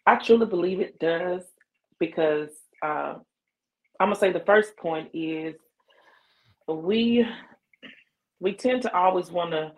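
A woman co-hosting a casual talk show, speaking her mind in a frank, chatty way. Her voice sits a little low for a woman, and her phrases run on loosely. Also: creaky, phone-quality sound. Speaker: co-host. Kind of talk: casual chat.

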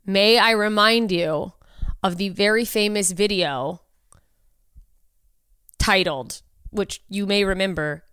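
A woman's voice: mid-range voice, measured pace, pauses often, a bit bright, smooth, no room sound, clean studio sound. A woman hosting a podcast in casual comedic chat, profane and sarcastic, often laughing in disbelief. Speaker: podcast host.

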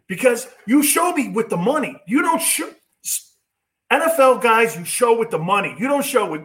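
A man's voice: extremely high pitch, expressive, normal speed, fairly bright tone. Middle-aged guy ranting on a sports show, mocking, voice swoops all over. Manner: brash, mocking, puts on whiny impressions. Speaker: sports talk show host. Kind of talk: opinionated sports talk monologue.

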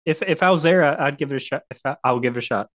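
A young man co-hosting a casual podcast, laid-back and teasing, with halting restarts. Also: fairly high pitch, no echo, clean studio sound. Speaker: podcast co-host. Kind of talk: casual chat.

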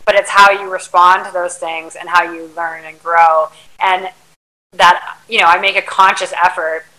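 A woman guest chatting about relationships in a reflective, advice-giving way, with plenty of ums and pauses. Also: on the low side, level tone, sharp tone, low-quality recording. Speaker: podcast guest, charter yacht crew. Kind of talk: casual interview chat.

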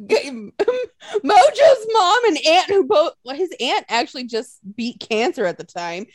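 A woman's voice: high voice, unhurried, dry recording, studio quality. A woman co-hosting a casual chat, telling stories with lots of swearing and acted-out quotes. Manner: animated storytelling, swears a lot, acts out quotes.

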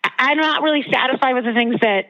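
A woman guest talks with lively, emphatic energy, her voice sitting somewhat high. The audio is dull and lo-fi, like a modest podcast setup. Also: quick pace. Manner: animated, emphatic storytelling. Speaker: guest author and theologian. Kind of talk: podcast interview.

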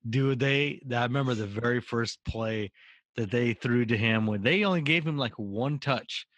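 A man in casual chat, laid-back, swearing and chiming in with quick agreement. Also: medium pitch, fairly bright tone, dry recording, lo-fi sound.

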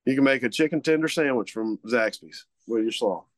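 A man's voice: mid-range voice, brisk, no echo. A man co-hosting a casual chat, rambling with lots of fillers and restarts. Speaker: co-host, meat market owner.

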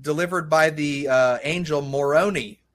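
A man's voice: fairly high pitch, normal speed, a bit bright. A man from Ohio with a Midwestern accent, chatting casually and sharing trivia on a podcast. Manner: chatty, tells little facts. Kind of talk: casual chat.

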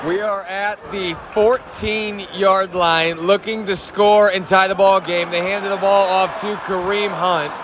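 Hoarse guy hosting a fan show from stadium seats, really high voice, shouty, rambling, lots of crowd and noise behind. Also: steady tone, unhurried, few pauses. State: losing his voice. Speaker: host of a fan sports show. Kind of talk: live fan commentary from the stands. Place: outdoor football stadium, in the stands.

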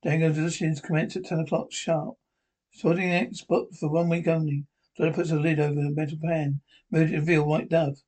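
A man reading a drama script aloud, including stage directions, in a plain and hurried way with slips. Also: a little high, flat delivery, a little mellow. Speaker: script reader.

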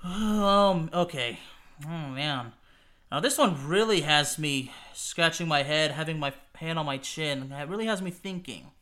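A man's voice: fairly high pitch, lively intonation, a little slow, pushed and bright. A man co-hosting a casual football prediction chat, hesitant and repeating words, laughing often. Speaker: podcast co-host.

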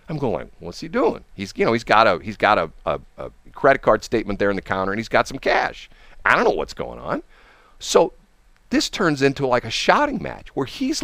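A man's voice: medium pitch, normal speed, gravelly, no room sound. A man telling a long casual story, acting out the people he quotes. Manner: animated, acts out quoted people.

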